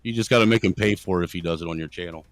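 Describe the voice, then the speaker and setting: Deep guy trash talking, swears a lot, dry close mic. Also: racing, dry recording. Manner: blunt, swearing, combative. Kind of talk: crude voice-chat banter.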